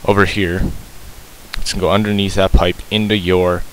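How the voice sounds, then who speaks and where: A man's voice: sits low, little pitch movement, normal speed, noisy background. A man giving a casual game tutorial, rambling and correcting himself with lots of ums, breathing heavily into a cheap mic held very close to his mouth.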